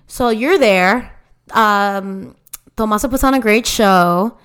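A woman's voice: medium pitch, takes it slowly, fairly bright tone, smooth. A young woman, co-host of a casual chat podcast, animatedly retelling a story with lots of fillers and quoted voices.

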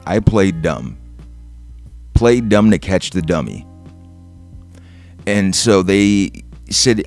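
A man's voice: deep voice, takes it slowly, pauses often, faint music behind. A man hosting a podcast, ranting with heavy profanity and sarcasm. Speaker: podcast host. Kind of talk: ranting monologue.

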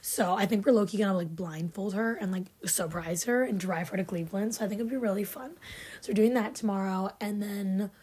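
A woman's voice: mid-range voice, brisk, darkish tone, breathy edge. A woman in her twenties hosting a podcast in casual chat, rambling and chatty with plenty of "like". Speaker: podcast host.

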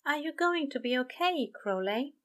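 A woman's voice: expressive, normal speed, fairly bright tone. A woman reading a story aloud and voicing a fussy, anxious male angel in a raised, flustered voice. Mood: cheerful. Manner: flustered, high and breathy, eager to reassure.

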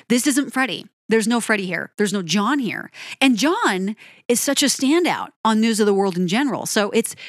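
A woman's voice: medium pitch, dry recording, clean studio sound. A woman talking through a rock song she loves, gushing about the playing and speaking directly to her viewers. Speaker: music reviewer. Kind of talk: enthusiastic song breakdown.

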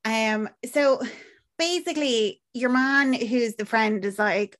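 A young Irish woman, co-hosting a podcast, talks casually through a film, playing out the characters' lines and swearing freely as she tells it with animation. She speaks slowly, her voice on the high side.

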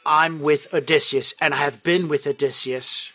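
A man's voice: fairly high pitch, steady tone, moderate pace, sharp tone, faint music behind. A man voicing a defiant young woman, a wife, in a tabletop game.

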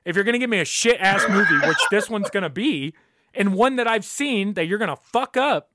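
A man's voice: high-pitched, lively intonation, brisk, bright, forceful tone. A young man hosting a podcast, ranting casually and emphatically, swearing often and repeating his points. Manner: profane, emphatic, repeats himself.

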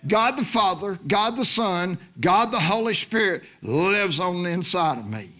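A man with a high, bright voice preaches to a church congregation. He shifts between calm, low-key scripture teaching and bursts of loud, shouted exhortation. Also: measured pace. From Oklahoma. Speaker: guest minister. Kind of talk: sermon. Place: church sanctuary.

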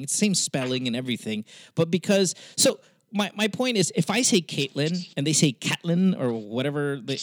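A man with a Filipino accent hosting a podcast in casual chat, animated and swearing freely, slipping into Tagalog. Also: mid-range voice, no room sound. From Philippines. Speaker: podcast host.

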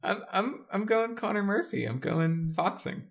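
A man's voice: high voice, animated, moderate pace, vocal fry. Stammering man guessing in a quiz. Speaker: podcast guest and quiz contestant. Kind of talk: casual podcast chat.

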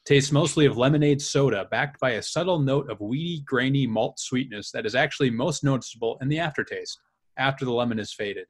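A man's voice: medium pitch, brisk. Chatty man reading out a beer review. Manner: chatty, laughs often, reads reviews aloud. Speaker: podcast co-host. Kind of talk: casual chat. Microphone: video call.

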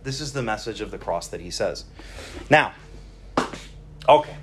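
Male preacher, casual teaching sermon, animated, acts out quotes, frequent restarts. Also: lowish voice, moderate pace, noisy background. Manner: many restarts and repeated words. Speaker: preacher teaching a Bible series.

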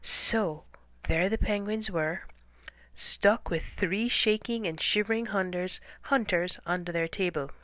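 A woman reading a children's picture book aloud in an expressive way, dropping into dramatic whispers. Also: mid-range voice, unhurried, no echo. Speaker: storyteller.

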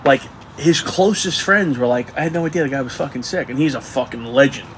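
A man co-hosting a podcast in casual chat, swearing freely and telling stories in an animated way. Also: mid-range voice, fairly quick, background noise. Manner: profane, animated storytelling. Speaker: podcast co-host.

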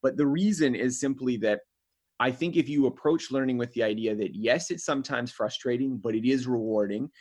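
Thoughtful man, guest author, steady explainer; dry, close recording. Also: mid-range voice, fairly quick, dry recording. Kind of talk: interview answers.

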